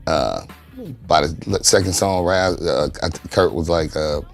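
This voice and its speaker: A very deep-voiced man speaks in a relaxed, casual interview, recounting stories with loose, profane street talk. He livens up whenever he quotes friends. Soft music plays faintly underneath. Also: measured pace. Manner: laid-back, profane, lively when quoting friends. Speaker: studio co-founder recalling its origins.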